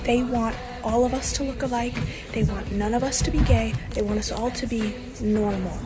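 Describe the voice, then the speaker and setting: A woman delivering blunt, defiant commands one after another. Her voice sits a little high, with clear music playing behind her. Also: steady tone, normal speed, low-quality recording. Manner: defiant, emphatic. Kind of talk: vlog rant.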